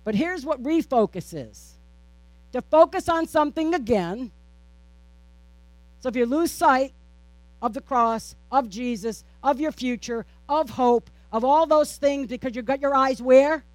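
Preaching with a rhythmic, repeating cadence, this female pastor asks rhetorical questions and teases herself in lighthearted asides. She pitches high, moves a little slowly, and the recording is dry.

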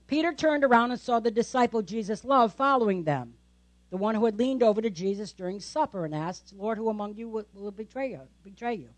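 A woman pastor preaching in a church, with a slightly higher voice. She talks with the congregation rather than at them and keeps tossing in quick tag questions. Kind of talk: sermon.

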